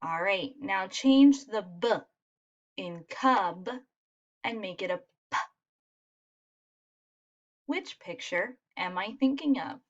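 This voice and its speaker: A woman's voice: medium pitch, lively intonation, takes it slowly, pauses often, highs cut off. A woman teacher giving a recorded phonics lesson for children, patient and encouraging as she spells out sounds.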